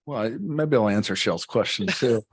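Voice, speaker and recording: An older man answering at a panel discussion, measured and full of fillers. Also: on the low side, animated, slightly rough. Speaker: health system leader on a panel.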